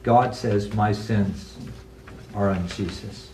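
A man quoting a tall, distinguished British sea captain, speaking quietly and hesitantly in his own voice. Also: on the low side, steady tone, slow pace, a little hiss or hum. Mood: humble. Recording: roomy echo from a distant mic.

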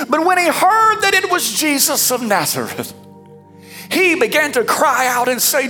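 A pastor giving an emphatic, dramatic sermon, voice rising into fervent shouts. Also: high voice, wildly swooping pitch, a little slow, faint music behind. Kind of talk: energetic sermon.

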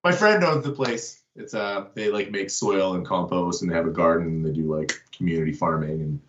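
A man's voice: deep voice, brisk, dull audio, a little hiss or hum. A man from Canada, a band member guest on a podcast, trading teasing jokes and laughing often. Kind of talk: casual chat.

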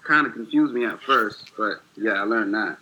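Bright-voiced American man, laid-back. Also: fairly low pitch, moderate pace, husky, muffled recording. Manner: laid-back, enthusiastic, slangy. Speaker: podcast guest. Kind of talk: casual podcast chat.

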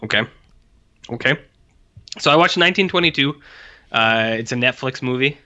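A podcast co-host rambles, jokes and swears freely in casual chat. His mid-range voice is pushed and bright at a moderate pace, and the recording has a dull, lo-fi sound.

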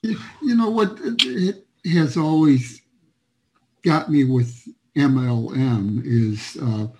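A man's voice: a little high, slow, mellow, rough recording. A man speaking hesitantly and skeptically in a casual group discussion. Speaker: group call member.

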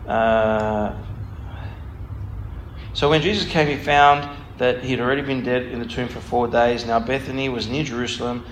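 Casual man leading a scripture talk, echoey room. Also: mid-range voice. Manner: digressive, thinks aloud, reads passages then explains them informally. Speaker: Bible study speaker. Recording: echoey room with faint background noise.

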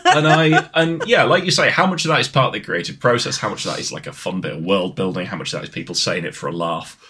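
A man co-hosting a podcast, chatting casually in an animated, playful way, with asides and restarts. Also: deep voice, quick pace, slightly rough. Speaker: podcast co-host. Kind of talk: casual banter.

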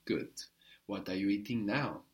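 A man's voice: lowish voice, normal speed. A man teaching a language lesson, patiently prompting a student with short praise.

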